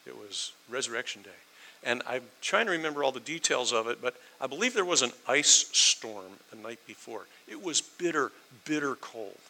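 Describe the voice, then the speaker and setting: A man's voice: mid-range voice, bright, forceful tone, low-quality recording. A middle-aged man preaching a sermon, telling stories with emphasis. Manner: storytelling, emphatic. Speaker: pastor.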